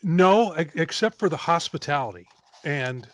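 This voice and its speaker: A man from the Midwest co-hosting a casual podcast, halting and restarting, quick to laugh. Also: fairly high pitch, lively intonation, slight background noise. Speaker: podcast co-host.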